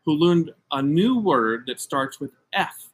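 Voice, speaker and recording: A man's voice: on the high side, lively intonation, slow. A middle-aged American man and podcast co-host, telling a story in casual chat with emphatic, self-mocking energy.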